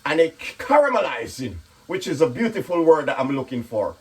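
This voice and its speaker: A comedian and cooking vlogger chats casually in his home kitchen, his husky voice a little high, very animated and fairly quick. He keeps checking in with "okay?" as he explains each step.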